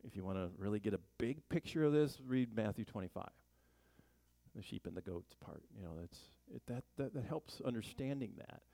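A man's voice: on the low side, animated, a little fast, creaky, warm tone, no room sound. A man teaching a Bible study in a chatty sermon style, full of joking asides and rhetorical questions.

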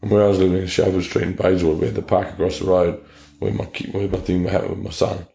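A man's voice: low-pitched, flat delivery, quick pace, gravelly, mellow. An Australian man telling his personal story in an interview, blunt and earnest, with plenty of slang. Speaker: interview guest. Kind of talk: personal testimony. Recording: echoey room.

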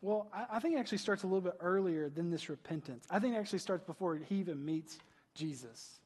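A man's voice: sits high, expressive, fast, a little mellow, slightly rough, in a large hall. A male pastor preaching a conversational sermon, asking rhetorical questions and often adding "right?".

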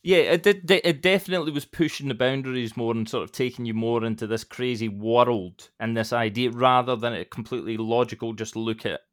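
A man's voice: medium pitch, steady tone, fairly quick, hardly any pauses, no echo, studio quality. A man hosting a podcast, chatty and cheeky, teasing his guest with crude slang and banter. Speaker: podcast host. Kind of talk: casual interview chat.

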